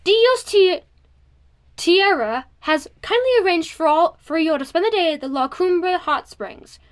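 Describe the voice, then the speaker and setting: A strict woman chaperone who lays down the rules and expects obedience, as a narrator reads her. Her voice is high and clipped with command. The audiobook keeps it close to the reader's own sound. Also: lively intonation, a little slow. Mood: stern. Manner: stern, commanding.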